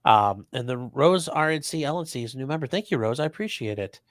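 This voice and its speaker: Reading super chats out loud, this livestream host keeps things casual but trips over his words, pausing and repeating himself. His mid-range voice has lively intonation, recorded studio-clean with no echo.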